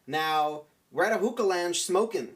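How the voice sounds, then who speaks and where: A man's voice: high-pitched, animated, moderate pace. A young man streamer telling a rambling story in casual chat, full of "like" and restarts.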